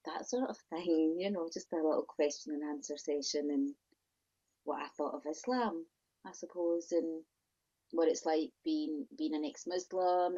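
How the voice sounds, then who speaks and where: A woman's voice: sits low, warm tone. Outspoken woman on a dull lo-fi line. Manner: outspoken, exasperated, quick asides. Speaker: podcast guest. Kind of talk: casual interview chat. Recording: dull lo-fi audio.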